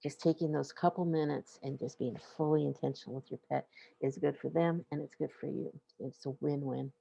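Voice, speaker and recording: A woman's voice: deep voice, fairly even intonation, a little fast, gravelly, warm tone, dry recording, muffled recording. A middle-aged woman hosting a webinar on pets and emotions, talking casually and often laughing as she acts out what owners and pets might say. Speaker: webinar host on pet emotions. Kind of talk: informal webinar talk.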